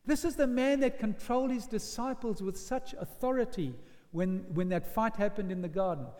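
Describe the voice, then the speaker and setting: A man preaching a sermon as vivid storytelling, dropping to hushed lines and then rising to loud shouted quotes. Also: sits high, moderate pace. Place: church hall. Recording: long reverb of a church hall.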